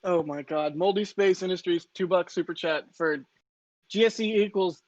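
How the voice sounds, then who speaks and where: A man's voice: high voice, moderate pace, darkish tone, dry recording, muffled recording. A man co-hosting a casual livestream, joking and rambling with frequent restarts. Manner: joking, rambling, self-interrupting. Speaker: livestream co-host.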